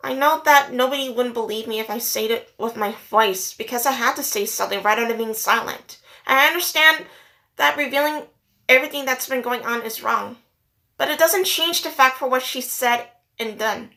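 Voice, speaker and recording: A woman's voice: a little high, normal speed, bright, forceful tone. A woman speaking earnestly and upset in a personal vlog, holding back tears and repeating herself for emphasis. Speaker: vlogger. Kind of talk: emotional personal rant to camera.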